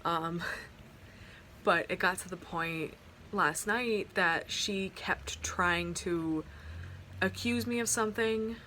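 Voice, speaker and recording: Speaking at a slow pace, a young woman vlogger tells a personal story straight into her phone camera at home, her voice a little low for a woman, bright and forceful. Her sentences ramble heartfeltly, full of "like," fillers and restarts, with faint noise drifting in from an open window during this casual storytime vlog.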